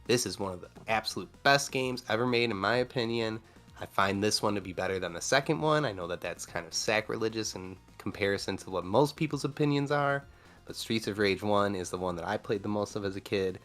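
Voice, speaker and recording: Low-voiced man hosting a game stream. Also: animated, a bit bright, faint music behind. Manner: drawn-out, emphatic announcing. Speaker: stream host. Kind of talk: livestream countdown hosting.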